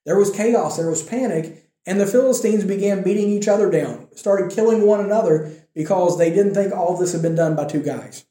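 A man giving a conversational sermon, telling a Bible story with animated delivery and acting out the quotes. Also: high voice, normal speed, reverberant. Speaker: preacher.

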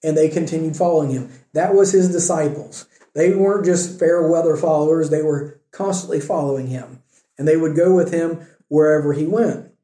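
A man's voice: fairly high pitch, normal speed, dark tone. A man preaching a conversational sermon, retelling a story and asking his listeners questions. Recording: echoey room.

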